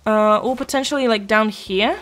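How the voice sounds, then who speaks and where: A young woman chats casually through a game livestream, jumping from thought to thought and answering her viewers. Her voice sits a little high and her talk is loose and rambling. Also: normal speed, fairly bright tone, faint music behind. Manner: rambling, chatty, laughs often, answers chat. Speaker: game streamer. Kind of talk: casual live-stream chat.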